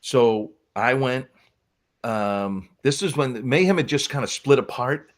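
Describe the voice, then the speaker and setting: Male guest, New England accent, animated storyteller, lively pitch. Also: unhurried. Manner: animated, acts out quotes with high-pitched voices. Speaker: wrestling promoter guest. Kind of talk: casual storytelling.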